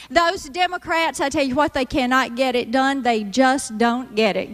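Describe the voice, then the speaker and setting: A woman's voice: high-pitched, animated, unhurried, hardly any pauses, a bit bright, big-room sound. A middle-aged woman from Mississippi with a Southern accent, doing a folksy, teasing stand-up routine. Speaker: comedic speaker.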